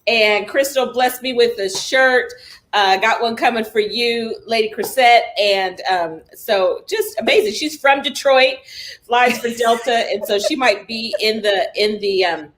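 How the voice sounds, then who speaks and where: A woman's voice: on the high side, a little slow, fairly bright tone. A woman co-hosting a casual radio chat, upbeat and eager to share news. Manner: upbeat and newsy, shares updates with enthusiasm. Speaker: co-host.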